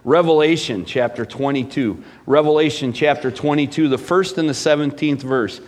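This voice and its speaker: A man preaching a sermon as pastor, animated and swinging between loud emphasis and hushed asides. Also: a little high, normal speed, big-room sound.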